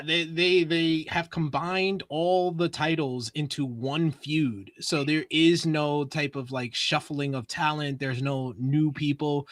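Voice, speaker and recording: A man co-hosting a wrestling review show, recapping episodes in casual chat with quick delivery and frequent laughter. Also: medium pitch, fairly bright tone, dry recording, clean studio sound.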